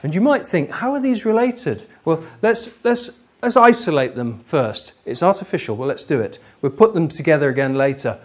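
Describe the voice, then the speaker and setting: Lively male workshop lecturer. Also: a little high, normal speed, few pauses. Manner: lively, explanatory, laughs easily. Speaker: lecturer, trainer.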